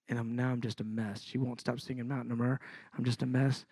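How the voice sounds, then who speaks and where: A middle-aged man, preaching a sermon in a conversational, animated way that builds in intensity. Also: mid-range voice, fast talker, slightly rough, no room sound.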